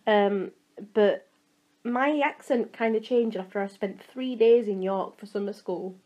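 A young woman with a Yorkshire accent, co-hosting a podcast in casual chat, teasing and talkative and quick to cut in. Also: medium pitch, darkish tone, lo-fi sound. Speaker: podcast co-host.

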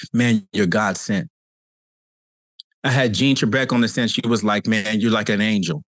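A cancer coach who hosts a podcast speaks earnestly and conversationally in a reflective motivational monologue, often repeating himself for emphasis. His voice is on the low side, and the recording is dry.

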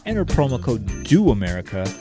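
A man's voice: mid-range voice, big pitch swings, fairly quick, over music. A man co-hosting a podcast, reading a sponsor spot and chatting casually, loose and profane, often saying "guys". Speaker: podcast co-host. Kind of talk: casual podcast chat with ad read.

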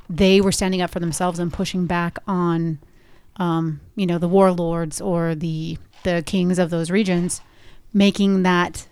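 A woman's voice: lowish voice, a little mellow, smooth, dry recording. A woman co-hosting a casual podcast, explaining things hesitantly with many fillers. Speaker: podcast co-host. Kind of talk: casual chat.

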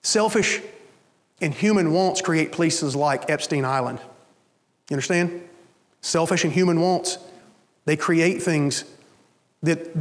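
A man with a high voice preaches a Sunday sermon, talking to his congregation in a loose, conversational way and often asking if they follow. His voice carries a long hall reverb from the church sanctuary. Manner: conversational preaching, asks the congregation "you understand?". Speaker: pastor.

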